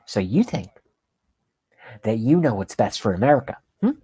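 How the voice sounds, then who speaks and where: A smug woman news anchor, as a man mocks her, talks down to the viewer with slow, patronizing questions that trail into a lingering hmm. The voice sits at a middling pitch and sounds close and dry, with no room sound. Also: big pitch swings, mellow, breathy edge, no echo. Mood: condescending.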